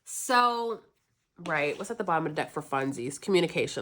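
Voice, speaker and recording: Woman, from the northern East Coast, casual tarot reader, low-ish voice, rambling chatty delivery. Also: lively intonation, fairly quick, a bit bright. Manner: chatty, loose, lots of fillers. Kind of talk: casual tarot reading to viewers.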